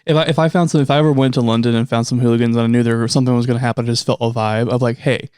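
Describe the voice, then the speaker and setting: An American man co-hosting a podcast in casual chat, laughing often and telling animated stories. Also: medium pitch, rapid-fire, smooth, no echo, clean studio sound. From United States. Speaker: podcast co-host.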